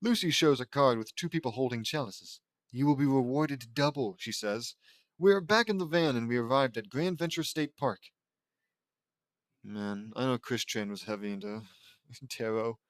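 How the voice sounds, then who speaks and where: A man's voice: mid-range voice, normal speed, no echo. A man narrating a fan-fiction audiobook in a casual reading style, with offhand asides.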